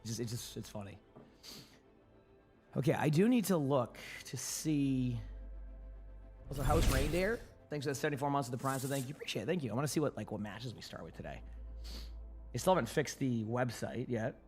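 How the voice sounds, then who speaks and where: A young man streaming and chatting casually with viewers, slightly hoarse from commentating, rambling along with fillers and restarts. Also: medium pitch, a little fast, pauses often, faint music behind. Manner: relaxed and rambling, answering chat questions with fillers and restarts. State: yawning, sleepy.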